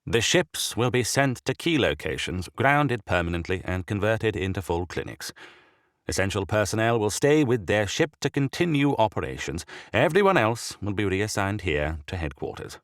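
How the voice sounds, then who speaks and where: Sickly old bishop, raspy and loud, slow heavy growl, put on by a male narrator; storybook reading, dry close sound. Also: fairly low pitch, big pitch swings, dry recording, voice pushed up. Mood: grave, weary.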